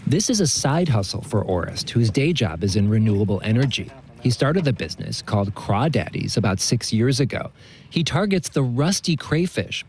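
A man filing a scripted radio news report with a measured, even delivery. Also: medium pitch, breathy edge.

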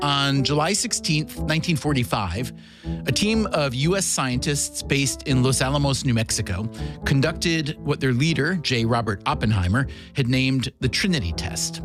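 A man's voice: mid-range voice, expressive. Man narrating a documentary podcast over music. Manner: measured storytelling narration. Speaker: podcast host. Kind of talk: scripted narration.

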